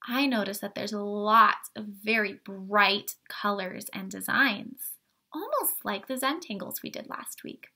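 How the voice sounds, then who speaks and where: Animated and a little slow, a woman with a sharp, mid-range voice teaches kids art online. She's upbeat, asks the children questions directly, and leads them through the drawing step by step.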